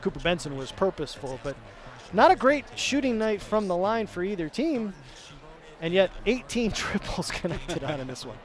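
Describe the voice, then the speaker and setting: A man's voice: high voice, big pitch swings, normal speed. A male sports announcer giving a postgame wrap-up, rattling off player stats in a chatty, self-correcting way. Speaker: play-by-play announcer.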